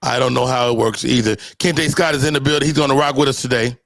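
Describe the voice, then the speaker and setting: A man's voice: medium pitch, fast talker, vocal fry, a bit bright, no echo, clean studio sound. A man hosting a comedy podcast, joking and teasing his guests in casual banter. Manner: joking, teasing, drops into sing-song lines. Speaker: podcast host.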